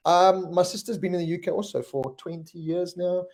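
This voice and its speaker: A man's voice: high-pitched, level tone, brisk, darkish tone. A middle-aged man with a South African accent, hosting a live stream in a casual, jokey way and reading out viewers' names and comments. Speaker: host.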